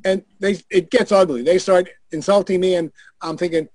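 Older man, high-pitched voice, dry close sound, animated profane storyteller, video call. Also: fairly quick, no echo. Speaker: guest on a video call show. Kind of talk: anecdotal storytelling.

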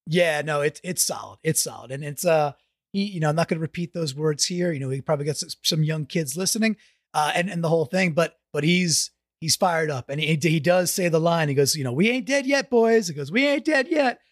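A high-pitched man co-hosts a casual football podcast, jumping between jokes and excitement and tripping over his own words. The sound is close and dry, with no room around it. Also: brisk, dry recording. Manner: excitable, jokey, many restarts. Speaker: podcast co-host. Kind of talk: casual sports podcast chat.

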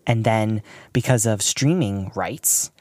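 Low-voiced man in laid-back chat. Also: slow pace, darkish tone, dry recording. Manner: rambling, laughs often. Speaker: podcast co-host. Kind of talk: casual chat.

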